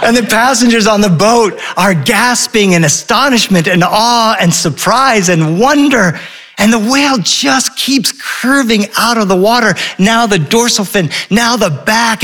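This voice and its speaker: A middle-aged man telling a personal story before a live audience, with a touch of wry humor. His voice sits a little high for a man, and he acts out the lines of the people in his tale. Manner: wry, animated, acts out quotes.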